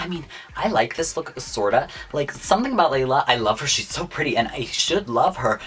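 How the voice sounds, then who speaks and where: In a casual vlog, a young YouTuber with a mid-range, slightly bright voice chats about contestants' looks, gushing one moment and being blunt the next.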